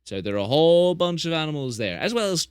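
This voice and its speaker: A man's voice: a little high, very animated, quick pace, clean tone, no room sound, studio quality. A young man chatting casually on a live stream, rambling and correcting himself as he tells animal stories. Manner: rambling, chatty, self-correcting, plays up tall tales.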